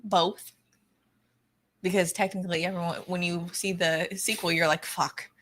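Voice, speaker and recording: A woman's voice: fairly low pitch, fairly even intonation, normal speed, fairly bright tone, slight background noise. A young woman co-hosting a watch party who reads viewer comments aloud and reacts with short remarks and frequent laughter. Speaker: watch party co-host reading chat.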